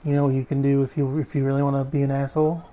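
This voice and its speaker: Sitting in a desk chair at home, a male gaming streamer delivers casual gameplay commentary in a mid-range voice, flat and very fast. He chats freely, swears often, and bursts into sudden loud exclamations.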